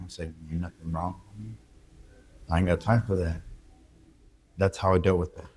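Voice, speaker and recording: A man, speaking as an interview guest and telling his story in a candid, halting, reflective way. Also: deep voice, steady tone, darkish tone, slight background noise. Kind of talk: emotional personal interview.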